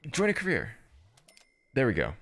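A man streaming a game and chatting casually, with dry, deadpan jokes. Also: medium pitch, moderate pace, vocal fry, no echo. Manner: dry, deadpan jokey banter. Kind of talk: casual gaming stream chat.

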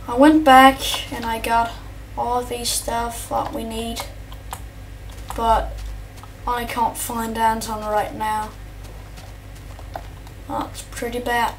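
A young male gamer doing rambling, excitable let's-play commentary, chatting to his viewers and his in-game pet. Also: mid-range voice, extremely slow, pauses often, background noise. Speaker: gameplay commentator. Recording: distant mic with faint keyboard typing.

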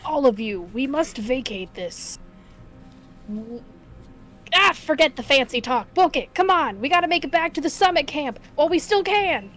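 Woman putting on a gruff Southern commander. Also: sits high, animated, normal speed, fairly bright tone, faint music behind, low-quality recording. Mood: commanding. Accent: partial Southern US. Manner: brusque, barking orders. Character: gruff male military commander.

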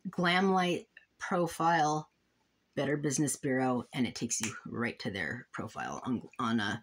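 A woman's voice: very deep voice, moderate pace, a little hiss or hum. Frustrated woman vlogging a complaint. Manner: frustrated, exasperated, rambling with restarts. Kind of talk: casual complaint vlog, reading out emails and complaints.

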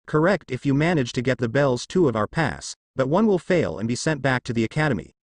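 A lazy, aloof grown ninja teacher, as a man reads him aloud. He sounds offhand and unbothered. The voice keeps a lively rise and fall, and the recording is dry and close. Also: medium pitch, fairly quick, dry recording.

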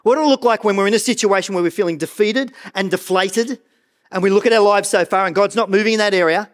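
A middle-aged man preaching a sermon as pastor of a church, earnest and animated, often stumbling and repeating words. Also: sits high, fast talker.

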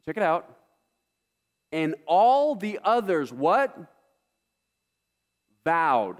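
A man's voice: sits high, very animated, extremely slow, long pauses. A male pastor delivering a sermon, reading scripture and asking his congregation emphatic rhetorical questions. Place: church sanctuary.

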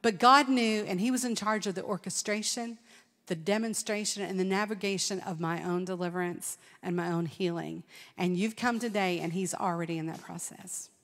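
A middle-aged woman telling a personal testimony at a conference, lively and storytelling, acting out what people said. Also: medium pitch, normal speed. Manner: animated storytelling with laughs and acted-out quotes. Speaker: conference speaker. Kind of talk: testimony sermon. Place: large church hall. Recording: long hall reverb.

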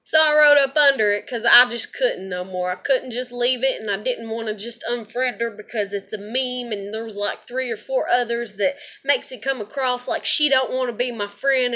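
Lady ranting to camera, cussing a lot, kinda high sharp voice, keeps repeating herself. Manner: blunt, profane, rambling with repeated words. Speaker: vlogger. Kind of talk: casual venting monologue to camera.

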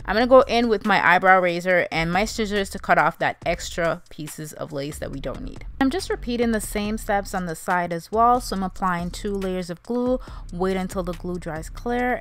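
A woman's voice: on the low side, a bit bright, slight background noise. A young woman narrating a wig tutorial in a casual, chatty way, calling her viewers "you guys" and "honey". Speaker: beauty vlogger.

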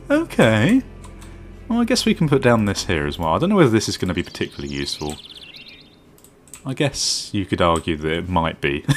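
Game commentator, male, lowish voice with lively swings, chatty and self-mocking, soft music under him. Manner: thinks aloud, self-mocking asides. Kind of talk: casual let's-play commentary. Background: faint background music.

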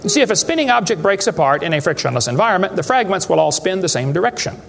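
Male lecturer, high-pitched and folksy, joking with a live crowd in a hall. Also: very animated, fast talker, vocal fry, fairly bright tone. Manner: folksy, joking, rhetorical questions. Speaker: creationist speaker addressing a live audience. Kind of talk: humorous lecture to a live audience.

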